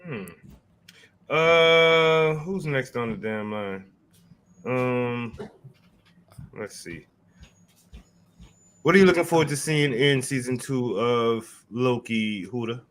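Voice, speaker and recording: A man's voice: medium pitch, slow pace, long pauses, fairly bright tone. A man hosting a casual group chat, joking and calling on each panelist in turn. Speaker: podcast host.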